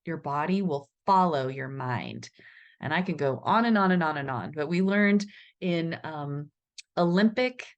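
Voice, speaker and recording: A woman's voice: low voice, animated, measured pace, muffled recording. A woman giving a teaching talk in a webinar, asking the audience questions and acting out people's inner thoughts. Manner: asks the audience questions, acts out inner voices. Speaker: webinar presenter. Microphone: video call mic.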